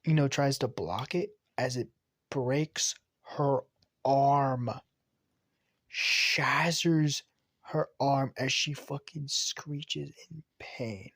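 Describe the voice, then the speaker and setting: A man casually retelling an anime fan story, rambling and excitable, swearing and restarting often. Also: medium pitch, very slow, slightly rough, no room sound, clean studio sound.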